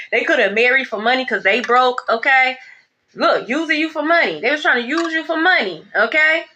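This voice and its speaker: A woman with a high, bright and sharp voice does a casual tarot reading. She delivers it bluntly and emphatically, with lots of profanity.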